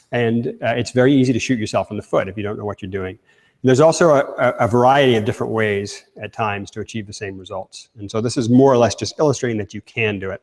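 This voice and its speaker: A man's voice: on the low side, darkish tone. A man giving a live technical talk, speaking casually and asking the audience questions. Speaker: conference speaker. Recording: long hall reverb.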